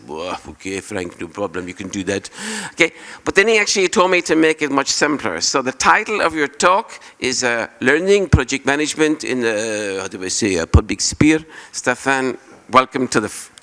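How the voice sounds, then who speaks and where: A man's voice: medium pitch, expressive, normal speed, hardly any pauses, bright, forceful tone. A man introducing a speaker on a conference stage in a chatty, joking way. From Ireland. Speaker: conference host.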